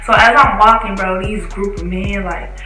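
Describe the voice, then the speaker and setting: A woman's voice: medium pitch, moderate pace. A young woman around eighteen, a vlogger telling a storytime in casual slang, swearing and acting out what people said. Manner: animated, slangy, swears, acts out quotes. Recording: echoey room with faint music.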